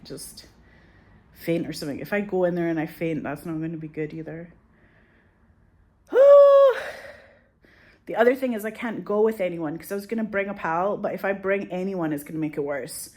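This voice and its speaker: A woman's voice: on the low side, a little mellow. A middle-aged woman chatting casually to her viewers, rambling and anxious, swearing often. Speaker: vlogger. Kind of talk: casual chat to camera.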